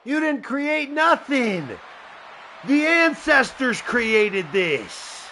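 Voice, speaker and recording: A man voicing an angry male rival wrestler who shouts accusations in a video game show. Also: very high voice, sing-song, extremely slow, slight background noise, voice pushed up, exaggerated voice. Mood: indignant.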